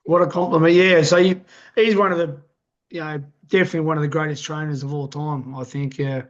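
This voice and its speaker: A male interview host who hesitates and uses lots of fillers while agreeing with his guest. His voice is a little high, and the recording sounds muffled and lo-fi. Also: steady tone, fairly quick. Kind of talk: casual interview. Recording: muffled lo-fi audio.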